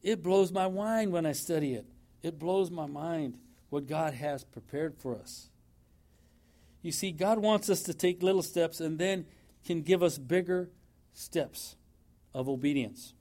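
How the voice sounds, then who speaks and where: A man's voice: a little high, a little slow, dark tone. A man preaching a sermon in a church, emphatic and repeating his points for effect.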